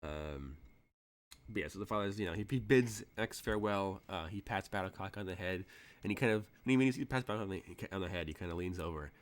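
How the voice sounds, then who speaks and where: A man with a somewhat low voice narrates a tabletop game as its game master. He rambles, restarts his sentences and laughs often between them. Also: fast talker.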